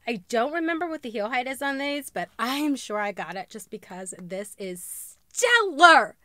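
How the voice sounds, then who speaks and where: A bubbly woman vlogger with a high, bright, sharp voice that swoops all over the place. She chats casually and jokes at herself, breaking into gushing, excited exclamations. The sound is close and dry. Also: dry recording. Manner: chatty and self-joking between exclamations. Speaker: vlogger host. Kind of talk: casual haul video chat.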